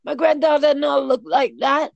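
A woman voicing an angry old Jamaican grandfather who shouts in broken English. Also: high voice, steady tone, moderate pace, gravelly, dry recording, dull audio, pitched above the performer's own voice. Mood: indignant.

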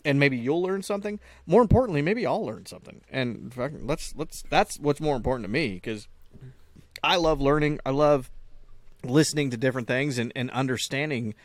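A man's voice: mid-range voice, fairly quick, no room sound. A man co-hosting a comedy podcast in casual chat, talking emphatically with lots of swearing and repeated words. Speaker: podcast co-host.

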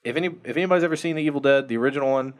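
A man's voice: medium pitch, very fast, smooth. Laughing, foul-mouthed man recapping a film. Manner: profane, laughing, retells scenes with quoted lines. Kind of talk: casual movie review chat.

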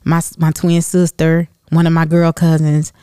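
Woman venting on her podcast, lowish voice, dry close mic, keeps saying y'all. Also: normal speed, smooth, no room sound. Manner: animated, chatty, addresses listeners as y'all. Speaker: podcast host. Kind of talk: casual storytelling monologue.

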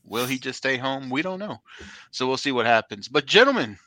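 A man's voice: medium pitch, sing-song, brisk, pushed and bright, no echo, poor audio. A man hosting a casual podcast, who banters, teases his co-hosts and laughs often. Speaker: podcast host.

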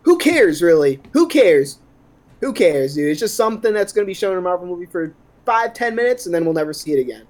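A man's voice: high-pitched, animated, rapid-fire, few pauses. A man giving a rambling, sarcastic, profane movie recap on a podcast. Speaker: podcast co-host.

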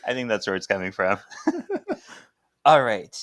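A man's voice: fairly low pitch, measured pace, no echo, studio quality. A man co-hosting a podcast, casually chatting and narrating a comic. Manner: chatty, animated, laughing. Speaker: podcast co-host. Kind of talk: casual comic read-along.

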